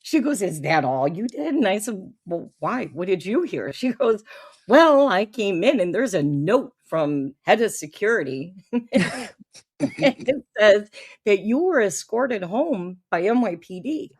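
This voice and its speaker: A woman's voice: medium pitch, very animated, unhurried, a little mellow, slightly rough. A woman hosting a casual chat, telling a long anecdote and laughing often as she goes. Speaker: podcast host.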